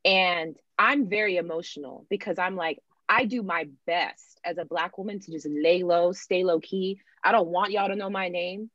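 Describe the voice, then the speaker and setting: A woman's voice: on the low side, moderate pace, few pauses, a bit bright, dry recording. A young woman candidly telling a long personal story in casual chat, often acting out what people said. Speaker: student sharing her experience. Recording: dull lo-fi dry sound.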